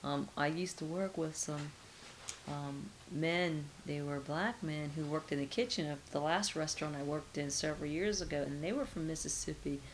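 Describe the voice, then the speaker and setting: A woman's voice: sits low, normal speed, slight background noise, rough recording. A middle-aged woman being interviewed, talking casually and musing with rhetorical questions.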